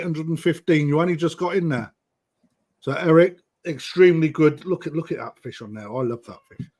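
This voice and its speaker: British bloke hosting a live koi auction, matey banter, bit high-pitched. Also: male voice, a little mellow. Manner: chatty, matey banter, calls bids and time. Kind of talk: live-stream auction chat.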